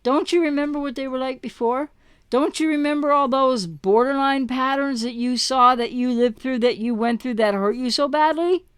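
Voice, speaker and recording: A woman's voice: sits high, moderate pace, clear, resonant tone, no echo, clean studio sound. A woman coaching her listeners in an impassioned monologue, asking rhetorical questions and repeating words for emphasis. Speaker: relationship recovery coach. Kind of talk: impassioned direct-to-camera monologue.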